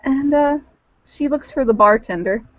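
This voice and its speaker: A woman's voice: sits high, moderate pace, dry recording, highs cut off. A woman playing a tabletop game, describing her character's actions in a giggly, hesitant way. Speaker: player.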